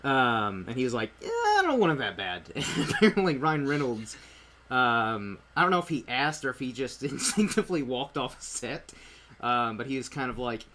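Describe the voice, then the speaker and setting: A man's voice: medium pitch, expressive, moderate pace, sharp tone, a little hiss or hum. Rambling Irish-born man hosting a review. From Ireland. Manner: rambling, filler-heavy storytelling. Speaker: host of a movie review. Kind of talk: casual chat.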